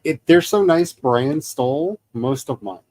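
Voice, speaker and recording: A man's voice: on the high side, animated, unhurried, darkish tone. A man hosting a live gaming stream, chatting casually and upbeat, laughing easily. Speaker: stream host. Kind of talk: casual chat. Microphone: streaming mic.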